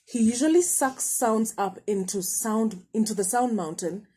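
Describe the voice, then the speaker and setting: A mournful male islander from a children's storybook, read by a woman. The voice drops low and soft, mellow with a slight husk. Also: unhurried, husky. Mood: sad. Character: sad male island villager.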